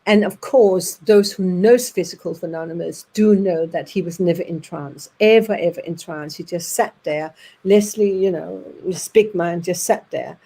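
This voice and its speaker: Speaking with a Danish accent, this woman from Denmark entertains an audience-evening crowd with anecdotes, voicing the characters and stopping to start over now and then. Her voice is husky and on the low side, captured in a low-quality recording.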